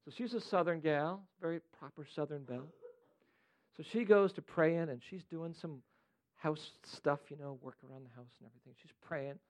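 A man leading an informal sermon-style teaching for a prayer group, animated and playful, asking the group questions. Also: a little high, moderate pace.

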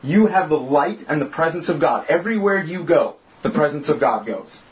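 A small group's leader and preacher speaks in a slightly high, expressive voice at normal speed. His sermon and prayer are informal, joking, and earnest. The room echoes, leaving the sound slightly dull.

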